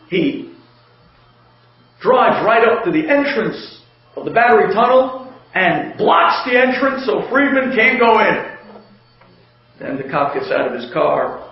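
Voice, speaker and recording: Guy telling a funny inspiring story, animated, kinda high voice, crazy echoey and muffled. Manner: animated, chuckling. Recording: very echoey, dull lo-fi audio.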